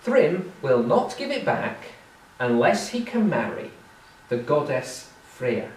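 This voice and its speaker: A man's voice: a little high, big pitch swings, takes it slowly, darkish tone, a little hiss or hum. A man voicing a scheming male trickster god who talks in a glib, bargaining way, heard from far off in an echoey live room. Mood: sly.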